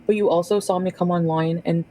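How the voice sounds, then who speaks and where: A woman's voice: on the low side, steady tone, a little fast, warm tone, poor audio. A woman in a played clip, ranting bitterly at someone she accuses, swearing freely. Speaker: person in clip being reacted to. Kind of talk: angry online rant.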